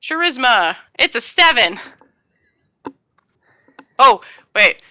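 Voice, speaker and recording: A woman playing a tabletop game, excitable and quick to laugh. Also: fairly high pitch, no echo. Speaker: player. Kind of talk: casual tabletop game talk.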